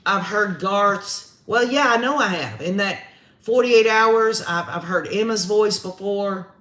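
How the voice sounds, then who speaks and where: High-voiced man chatting with viewers. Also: measured pace, bright, forceful tone. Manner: folksy and chatty, talks straight to viewers. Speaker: true crime live-stream host. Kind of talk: live-stream commentary reading viewer comments. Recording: roomy echo.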